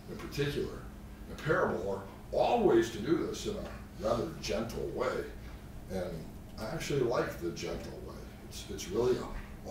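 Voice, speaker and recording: Man lecturing from a distant, echoey mic. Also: medium pitch. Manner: self-deprecating, joking asides. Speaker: therapy trainer. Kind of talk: live training lecture. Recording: echoey room, distant mic, faint noise.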